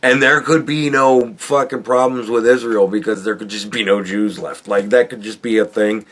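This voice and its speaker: In a fairly low voice with fairly even intonation and a fairly bright tone, a podcast host rants at normal speed. His casual talk wanders into profane asides, and he chuckles often.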